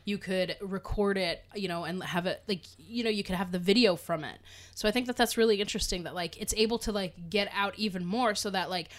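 A woman's voice: mid-range voice, brisk. A woman co-hosting a podcast in casual chat, speaking with a sick voice and filling her talk with "like". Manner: chatty, laughing often, heavy use of "like". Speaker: podcast co-host.

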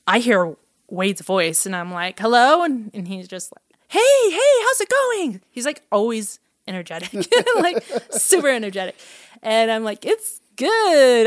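A woman tells a personal story in a relaxed, conversational way. She brings the dialogue to life, jumping up in pitch for the quoted lines. The sound is dry and close, with no room echo. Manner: lively, acts out quoted dialogue with laughs. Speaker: guest telling her adoption story. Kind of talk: casual storytelling.

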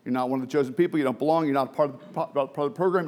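A man's voice: mid-range voice, very fast, darkish tone. A man preaching a sermon, emphatic and full of rhetorical questions, sometimes dropping to a near whisper.

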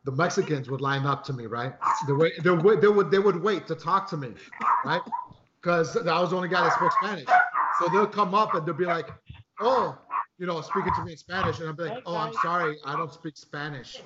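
A man telling animated stories and swearing freely, his voice a little high for a man. The sound is roomy and echoey, with a dull, lo-fi quality. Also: a little fast, heavy background noise. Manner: animated storyteller, swears a lot. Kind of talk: casual chat.

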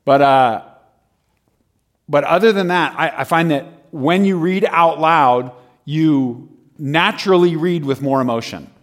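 A man preaching in an animated, conversational style, often laughing between his points. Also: on the high side, measured pace. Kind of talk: humorous sermon.

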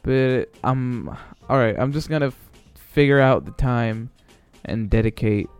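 A man's voice: mid-range voice, unhurried, darkish tone, clear, resonant tone. A man hosting his own solo podcast, rambling casually and swearing, with many fillers and restarts. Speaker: podcast host. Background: faint background music.

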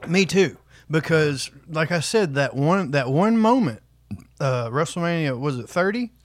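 A man's voice: a little high, animated, a little slow, a little hiss or hum. A man co-hosting a casual podcast chat, rambling and swearing freely. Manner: profane, rambling, laughs often. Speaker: podcast co-host.

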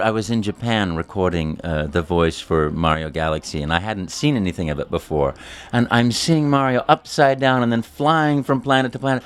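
A man, a voice actor, chatting casually in an interview as an animated storyteller. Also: fairly low pitch, clean tone.

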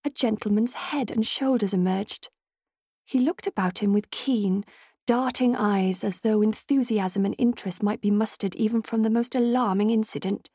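Husky woman narrating an audiobook. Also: mid-range voice, no echo. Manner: measured, expressive storytelling. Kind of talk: scripted narration. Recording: dry close studio sound.

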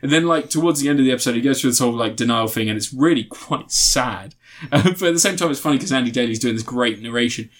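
A man talks casually on a podcast, walking through the plot of a TV series. He rambles, restarts his sentences and laughs along with his own retelling, at a middling pitch for a man. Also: fast. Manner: rambling, restarts often, laughs while telling. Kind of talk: casual chat recapping a TV series.

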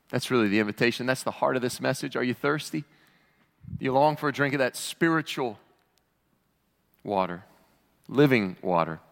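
A man preaching a sermon as pastor, animated and emphatic, his voice climbing to shouts on key lines. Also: medium pitch, normal speed, creaky, long reverb tail.

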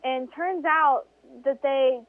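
Speaking slowly on the phone with no echo, a woman guest who races in deserts tells a story in conversation. She's animated and swings her pitch widely to act out quoted voices.

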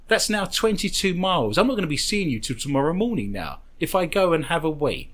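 Male podcast host, animated delivery, jokey riffing on news items. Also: fairly high pitch. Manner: jokey, riffing on absurd details. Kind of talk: comedic podcast chat, reading news stories.

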